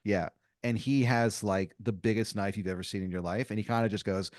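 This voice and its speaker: A man's voice: lowish voice, fairly even intonation, a little fast, darkish tone, no room sound, studio quality. A man narrating an improvised comedy story as game master, rambling with lots of "like" and restarts. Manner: rambling, full of "like" and restarts, many acted quotes.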